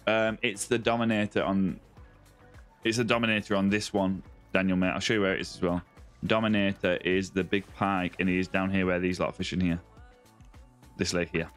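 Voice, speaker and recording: Live-streaming a game, this man trades banter and calls out viewers by name in a Lancashire English accent from northwest England, near Yorkshire. His voice sits low and a bit bright, delivered flatly and briskly over soft background music.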